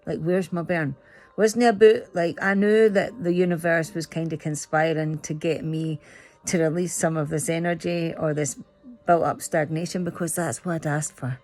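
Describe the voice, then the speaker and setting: A middle-aged Scottish woman, a spiritual vlogger, chats casually and emotionally, rambling through a personal story. Her voice is low-pitched and darkish, with fairly even intonation at a normal speed.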